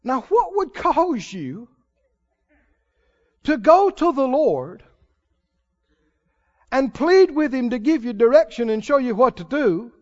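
Preacher, male, very high voice, slow deliberate delivery, dull lo-fi sound. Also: big pitch swings, long reverb tail. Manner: preaching with dramatic swings between loud and hushed. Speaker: pastor. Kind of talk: sermon. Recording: dull lo-fi sermon recording.

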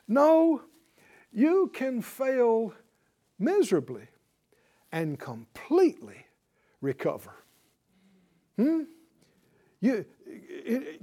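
A man preaching a sermon with passion, swinging from loud exclamations to hushed prayer and leading the listeners in a spoken prayer. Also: very high-pitched. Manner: leads congregation in spoken prayer.

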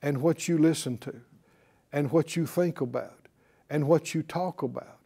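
A man's voice: on the high side, measured pace, creaky, breathy edge. A man preaching a sermon, quoting scripture, laughing at his own asides and acting out small dialogues. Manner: lively, laughing asides, quotes scripture, acts out little dialogues.

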